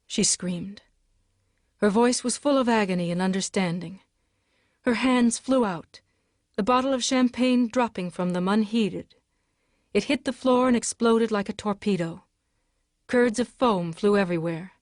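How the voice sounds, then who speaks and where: Casting: woman, mid-pitched, steady audiobook narrator, dry close recording. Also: a little slow, dry recording. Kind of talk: dramatic audiobook reading.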